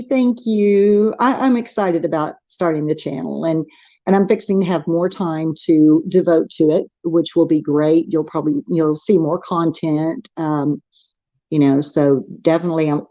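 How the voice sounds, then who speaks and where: Her low, mellow voice comes through with no room sound and the highs cut off. She's a middle-aged Texan woman with the accent to match, running a relaxed craft livestream where she reads the chat aloud, laughs frequently and keeps restarting her rambling thoughts.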